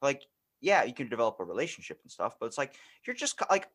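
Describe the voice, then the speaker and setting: A man hosting a podcast in casual chat. He is animated and profane and often jumps into acted quotes. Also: medium pitch, quick pace. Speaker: podcast host.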